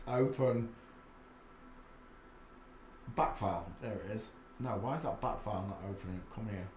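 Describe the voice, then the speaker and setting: A man's voice: fairly low pitch, moderate pace, long pauses, darkish tone, roomy sound, slight background noise. A man with a Yorkshire accent giving a muttered running commentary as he browses images for his channel. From England. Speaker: channel host.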